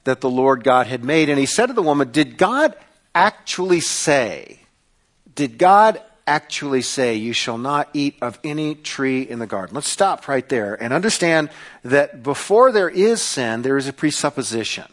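A man preaching a sermon, with a hushed tone in prayer and lively questions and mock voices in his teaching. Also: medium pitch, moderate pace. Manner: animated, mimics mocking voices, rhetorical questions. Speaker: pastor.

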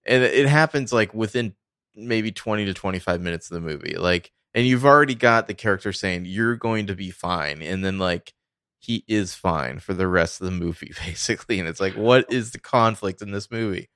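A man's voice: lowish voice, a little fast, fairly bright tone, no room sound, clean studio sound. A man co-hosting a podcast, dismissing a film's problems in a wry, casual way. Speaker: podcast co-host. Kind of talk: casual movie review chat.

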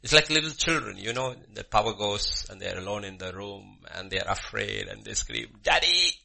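Fervent pastor with a deep gravelly voice. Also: male voice, moderate pace. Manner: fervent, emphatic, repeats phrases, swings between loud and hushed. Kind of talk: sermon with opening prayer.

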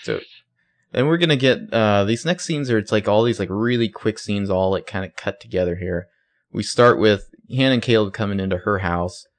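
A man with a somewhat low voice talks through the episode in an easy, chatty manner. He fills the gaps with loose fillers as he recaps. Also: brisk. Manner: relaxed, chatty, many "like" fillers. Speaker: podcast co-host recapping a TV episode. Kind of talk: casual chat.

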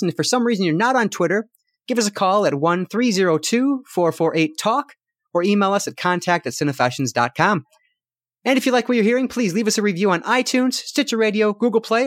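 Brisk, high-voiced man hosting a podcast. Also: no room sound, studio quality. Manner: brisk, upbeat listing of sign-off reminders. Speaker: podcast co-host. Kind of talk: podcast outro and plugs.

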